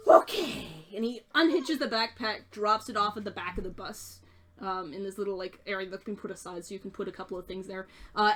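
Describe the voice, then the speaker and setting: A woman's voice: mid-range voice, sharp tone, a little hiss or hum. A woman narrating a tabletop game as game master, descriptive and full of "uh" fillers.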